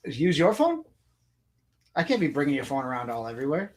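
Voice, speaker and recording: A man's voice: medium pitch, sing-song, brisk, slight background noise. A man co-hosting a casual panel chat over a video call, joking and rambling. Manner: joking, rambling, laughs often. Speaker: co-host.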